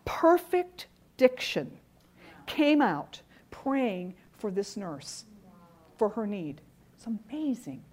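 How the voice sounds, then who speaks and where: A middle-aged woman teaches a church class in an earnest, storytelling way. She repeats key words to drive her points home. Her pitch sits in an ordinary middle range. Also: darkish tone. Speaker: Bible teacher.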